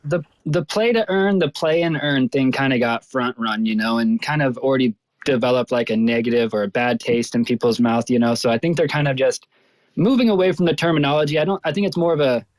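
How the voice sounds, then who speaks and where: A man's voice: medium pitch, a little fast, no room sound, poor audio. A man co-hosting a casual online voice chat, musing in an easygoing way with many fillers. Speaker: co-host. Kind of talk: casual chat on a live audio space.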